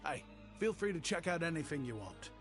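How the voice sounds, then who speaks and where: An eager young shopkeeper with an English accent, heaping flowery courtesies on his guests. His fairly high voice rises and falls a lot, with faint game music underneath. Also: sing-song, a little fast, a bit bright. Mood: friendly. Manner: flowery, overly courteous speech. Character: young male shopkeeper, eager, humble and polite.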